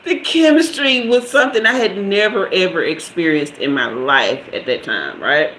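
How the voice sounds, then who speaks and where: A woman in her fifties telling a lively personal story to her live-stream viewers, laughing often and talking straight to them. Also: lowish voice, normal speed. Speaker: host of a live tarot stream. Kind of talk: casual storytelling to a live chat. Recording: echoey room with faint background hiss.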